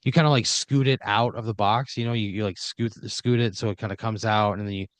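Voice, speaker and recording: Running an improvised horror comedy scene, a male storyteller narrates fairly quickly in a lowish, steady voice. The recording is dry, and his delivery is loose and rambling, packed with fillers and false starts.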